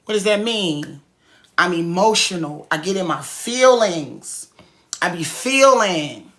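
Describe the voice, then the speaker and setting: A woman's voice: fairly low pitch, expressive, slow, fairly bright tone. A woman giving a casual motivational talk, emphatic and preachy, repeating her points in slangy everyday speech. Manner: casual slang-heavy delivery. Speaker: cookie business owner and speaker.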